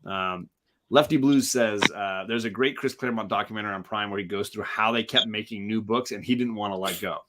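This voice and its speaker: A man's voice: lowish voice, brisk. A man hosting a casual live comic book discussion, joking and acting out characters in silly voices. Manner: animated, acts out characters in jokey voices. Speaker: podcast host.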